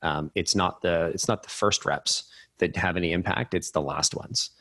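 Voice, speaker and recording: A man co-hosting a podcast, chatting in a relaxed, conversational and self-deprecating way. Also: deep voice, normal speed, dry recording. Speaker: podcast co-host.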